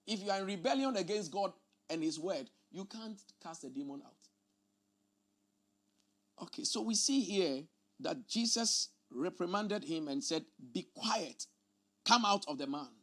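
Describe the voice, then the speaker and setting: A man preaching a teaching sermon, explaining scripture emphatically and often repeating his words. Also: a little high.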